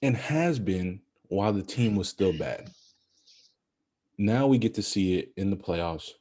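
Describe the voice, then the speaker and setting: A young man co-hosting a podcast, chatting about basketball in a casual, animated, rambling way. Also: low-pitched, a little slow, slightly rough. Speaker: podcast co-host. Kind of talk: casual sports chat.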